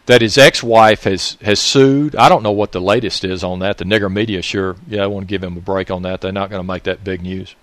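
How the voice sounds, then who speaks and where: A man's voice: sits low, fairly even intonation, fairly quick, hardly any pauses, a bit bright, no echo. A man with a Mississippi Southern accent, delivering an angry political monologue. He raises his voice, uses profanity and keeps scolding listeners with repeated questions. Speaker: political commentator.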